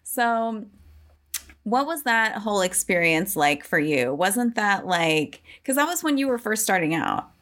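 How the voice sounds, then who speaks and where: A young woman runs a casual interview in a mid-pitched voice. Her questions are loose and chatty and full of fillers. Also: sing-song, measured pace, fairly bright tone.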